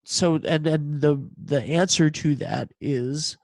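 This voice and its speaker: Co-host, man, slightly higher gravelly voice, dry sound, slow halting replies. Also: no room sound.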